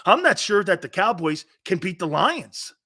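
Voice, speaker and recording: A middle-aged man hosting a sports talk show, telling stories bluntly and with a lot of energy. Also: normal speed. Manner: animated, blunt storytelling with swings in pitch and loudness.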